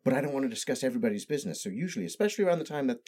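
A man in his thirties tells stories as a podcast guest, in speech that is precise and carefully placed, with no regional accent. His voice is mellow and dark, pitched in an ordinary male range. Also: lively intonation, very fast, husky. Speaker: podcast guest, improv actor. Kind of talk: casual storytelling chat.

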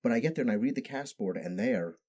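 A man in his thirties tells stories as a podcast guest, in speech that is precise and carefully placed, with no regional accent. His voice is mellow and dark, pitched in an ordinary male range. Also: expressive, fast talker. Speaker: podcast guest, improv actor. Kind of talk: casual storytelling chat.

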